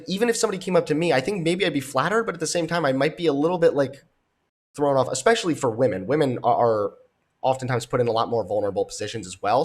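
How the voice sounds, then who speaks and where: Brief: young male reaction commentator, blunt, exasperated, curses freely, mid-pitched voice. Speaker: commentator reacting to podcast clips.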